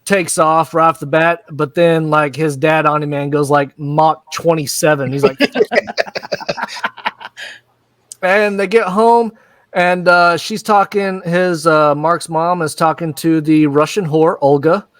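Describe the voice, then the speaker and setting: A man's voice: on the high side, fairly even intonation, slow pace, a bit bright, no room sound. A man hosting a casual recap, retelling scenes with crude jokes and quoted lines. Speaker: recap host.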